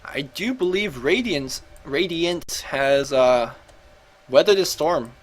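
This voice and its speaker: A man's voice: on the high side, expressive, slow. A man casually commentating and coaching over a video game match, chatty and thinking aloud, often correcting himself.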